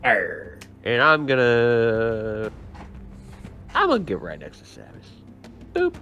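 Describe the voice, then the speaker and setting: A man playing a tabletop game who talks excitably and swears freely. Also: mid-range voice, slow, highs cut off, soft background music. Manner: excitable, swears, rises from calm to loud. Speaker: player.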